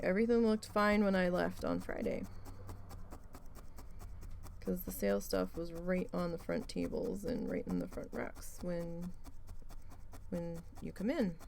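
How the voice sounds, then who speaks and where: A woman vlogger chatting casually while needle felting, animated and swearing freely as she tells a story. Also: on the low side, creaky, a little hiss or hum, poor audio. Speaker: craft vlogger.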